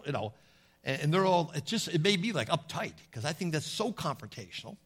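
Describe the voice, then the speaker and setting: Middle-aged male preacher, slightly higher pitch, husky tone, folksy sermon delivery. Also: big pitch swings, brisk, a bit bright. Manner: folksy storytelling, calls out "Amen?" to the congregation.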